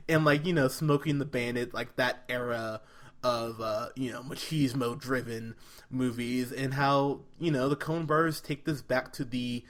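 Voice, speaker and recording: A podcast co-host chats casually and animatedly about movies in a review conversation, laughing often and restarting his sentences. His voice is medium in pitch and a bit bright.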